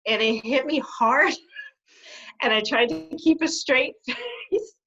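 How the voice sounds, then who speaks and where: A middle-aged woman, a guest behaviour specialist, telling her stories in an animated way and laughing often. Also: high voice, slow pace, soft background music. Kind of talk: conversational interview. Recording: dull lo-fi sound.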